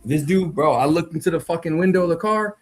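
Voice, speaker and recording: A man's voice: a little high, fast talker, soft background music. A man telling a spooky story in a loose, profane, slang-heavy casual chat, talking directly to his co-host. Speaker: podcast co-host.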